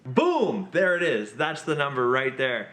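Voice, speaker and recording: Brief: male vlog host, bouncy expressive delivery, self-mocking storyteller, faint hiss behind. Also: unhurried. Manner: self-mocking, excitable, exclaims "boom". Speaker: magician and comedian host. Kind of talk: animated storytelling recap.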